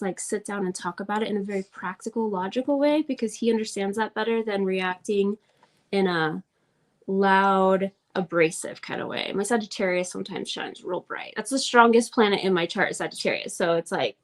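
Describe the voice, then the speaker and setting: A medium-pitched woman from Oklahoma hosts a casual astrology class on a livestream. She's chatty, laughs easily, and acts out little quoted voices.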